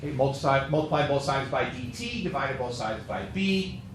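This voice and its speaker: A man's voice: mid-range voice, lively intonation, moderate pace. A man teaching a calculus class, tired and joking with his students as he works through a problem. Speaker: math teacher. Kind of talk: classroom lecture. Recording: echoey classroom with faint noise.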